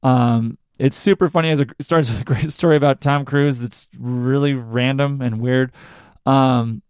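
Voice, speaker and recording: A man's voice: mid-range voice, fairly even intonation, moderate pace, a little mellow, clean tone, dry recording, clean studio sound. Rambling podcast host, man. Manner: rambling and self-deprecating, lots of fillers. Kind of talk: casual chat.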